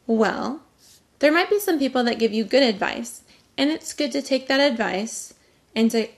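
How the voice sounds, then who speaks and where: A young woman from California talking casually to camera, giving candid, chatty advice with lively emphasis. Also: on the high side, moderate pace. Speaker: vlogger.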